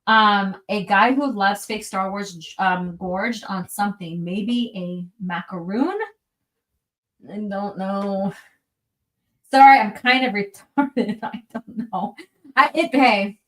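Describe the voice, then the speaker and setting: A woman's voice: mid-range voice, takes it slowly, fairly bright tone. A young woman hosting a casual live stream from home, reading chat aloud, laughing often and swearing freely as she rambles. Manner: giggly, swears a lot, rambling. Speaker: livestream host reading chat. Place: at home, indoors.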